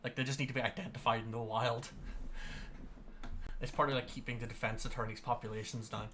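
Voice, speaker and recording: A man's voice: medium pitch, level tone, brisk, long pauses, heavy background noise. A man streaming a game, tossing sarcastic, profane asides in casual commentary. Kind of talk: casual let's-play commentary. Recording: loud game music behind.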